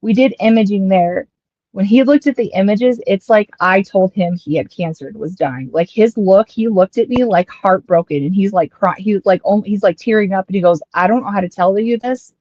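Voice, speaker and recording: A young woman from Colorado casually telling a long personal story, rambling and quoting people in lively asides. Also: mid-range voice, moderate pace, no echo, highs cut off. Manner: chatty, rambling, quotes others in lively asides.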